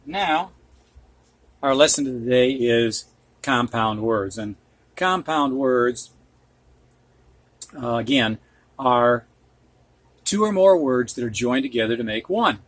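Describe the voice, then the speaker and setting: A male reading teacher speaks at a slow, unhurried pace, saying each word carefully and repeating it. His voice is a little husky and recorded dry and close, with no room sound. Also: mid-range voice, lively intonation, no echo. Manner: patient, reads words aloud slowly and repeats them. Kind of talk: slow spoken reading lesson.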